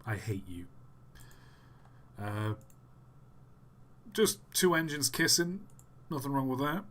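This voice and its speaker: Slow, dry-voiced tired male streamer. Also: medium pitch, sing-song, a bit bright. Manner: dry, sarcastic running commentary with groans. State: tired and yawning. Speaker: livestream host. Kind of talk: reacting to pictures on a live stream.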